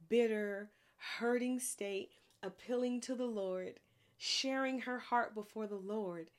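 A middle-aged woman giving a devotional Bible teaching, earnest and conversational, with dramatic pauses. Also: mid-range voice. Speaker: podcast host teaching a Bible series.

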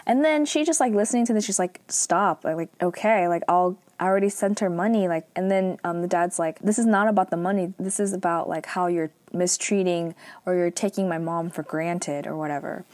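A woman's voice: on the low side, fairly quick, few pauses, darkish tone, no room sound. A woman casually recapping a drama episode, chatty and full of fillers.

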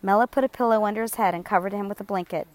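A woman narrating a chapter of an audiobook in a steady, measured storytelling voice. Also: medium pitch. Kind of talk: scripted narration.

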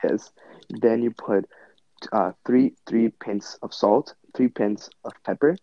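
A young adult man hosts a podcast with friends, his voice lowish, slow and dark, recorded with no echo and the highs cut off. He rambles casually, laughs often, swears, and says "bro" and "dude".

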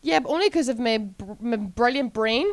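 Woman, co-host, playful banter, slightly high voice, dry close sound. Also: lively intonation, no echo. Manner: quick, playful, defensive joking. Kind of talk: casual chat.

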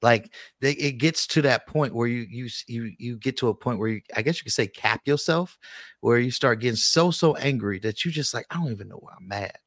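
A man's voice: mid-range voice, a little fast, fairly bright tone, no echo. A man as an interview guest on a radio show, telling a personal story in a candid, rambling way and repeating words when he gets worked up.

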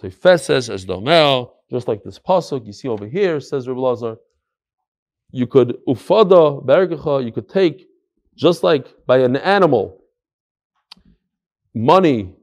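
A man teaching a Talmud class, telling stories in a lively way and repeating phrases for emphasis. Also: medium pitch, unhurried, pauses often. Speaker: Torah teacher.

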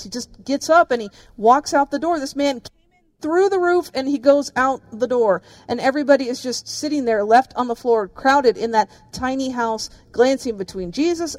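A woman's voice: high voice, a little mellow. A woman pastor preaching a sermon, telling the story vividly and speaking directly to her listeners.

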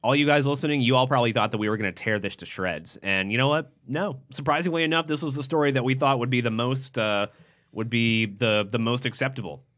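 A man's voice: mid-range voice, quick pace, fairly bright tone. Young man hosting a profane podcast. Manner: reads quotes aloud with jokey asides, swears freely. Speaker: podcast co-host. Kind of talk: casual podcast chat.

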